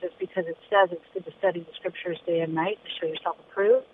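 A woman calling in to a radio show by phone, speaking in a halting way with fillers and restarts. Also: lowish voice, steady tone. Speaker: caller. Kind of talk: call-in phone chat. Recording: tinny phone line with faint hiss.

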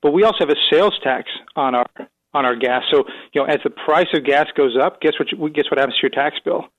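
A man appearing as a policy expert on a radio show, explaining in a measured way. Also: a little high, no room sound, dull audio. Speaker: policy think tank guest. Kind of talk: radio interview.

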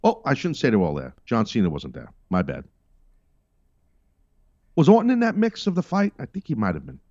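A man's voice: mid-range voice, huge pitch swings, fairly quick, a little mellow, no room sound, muffled recording. A middle-aged man hosting a podcast, giving blunt, emphatic wrestling commentary with profane, sarcastic asides. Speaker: podcast host.

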